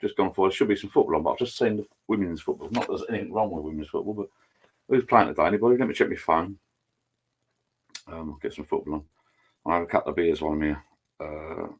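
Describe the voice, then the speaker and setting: A man's voice: deep voice, fast talker. A middle-aged man, rambling casually on a live stream from his home bar and greeting viewers by name. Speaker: channel host. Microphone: laptop.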